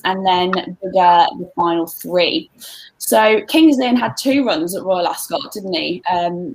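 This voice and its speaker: A woman's voice: medium pitch, poor audio. A woman with a Birmingham accent hosting a racing podcast, chatting in a friendly way and reading out runners and odds. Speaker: podcast host.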